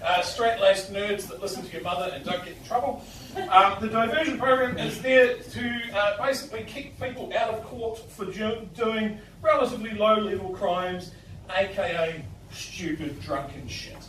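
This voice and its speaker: A man's voice: high-pitched, normal speed, fairly bright tone. A young man telling a brash, self-mocking stand-up story with swearing, on a bar stage. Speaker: stand-up comedian. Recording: echoey bar heard from far off, noisy.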